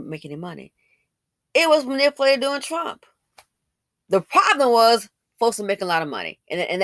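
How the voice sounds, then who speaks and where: A woman's voice: lowish voice, no room sound, clean studio sound. A woman giving opinionated commentary, blunt and colloquial, who repeats phrases for emphasis and fires off rhetorical questions.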